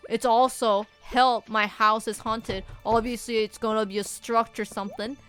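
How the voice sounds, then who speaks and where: Bright, animated young woman streamer. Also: fairly high pitch, moderate pace, faint music behind. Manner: animated storyteller, acts out quoted people. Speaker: co-host playing a farm game on stream. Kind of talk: casual chat while gaming.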